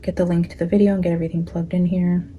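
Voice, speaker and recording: A woman's voice: on the low side, flat delivery, rapid-fire, narrow, tinny audio, slight background noise. A young adult woman with a Californian accent, a psychic tarot reader chatting casually with her viewers and praying aloud. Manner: chatty, talks straight to viewers as "guys". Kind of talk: casual chat with viewers and spoken prayer.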